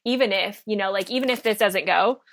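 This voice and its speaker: A woman's voice: medium pitch, a little fast, fairly bright tone. A woman hosting a podcast interview, talking in a chatty, reflective way with many fillers. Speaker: podcast host.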